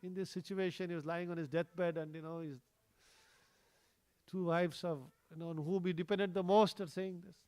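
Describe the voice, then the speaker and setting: A man's voice: sits high, steady tone, moderate pace, darkish tone, clean tone. Conversational man telling a sermon story. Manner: conversational, many "you know" fillers, chuckles, quizzes the audience. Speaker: speaker at a temple.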